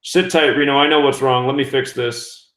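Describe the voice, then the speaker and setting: A man from the US West Coast hosts a call-in internet radio show, chatting casually with listeners and callers and talking his way through technical trouble out loud. His voice is medium-pitched and fairly bright, with fairly even intonation at a normal pace. The room sounds echoey.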